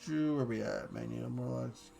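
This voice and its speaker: With faint music in the background, a man with a medium-pitched voice and vocal fry casually recaps and reviews a cartoon episode. He rambles excitedly and drops in quick quotes from the characters.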